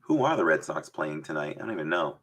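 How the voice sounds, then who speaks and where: A man's voice: very deep voice, sing-song, quick pace, fairly bright tone, slightly rough. A man hosting a casual livestream chat, rambling and chatty, sometimes slipping into an announcer voice. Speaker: livestream host.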